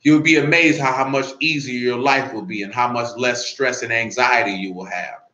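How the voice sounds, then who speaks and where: A male preacher giving an emphatic sermon in blunt street talk, often building to shouts. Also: mid-range voice, steady tone, moderate pace. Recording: roomy, dull lo-fi recording.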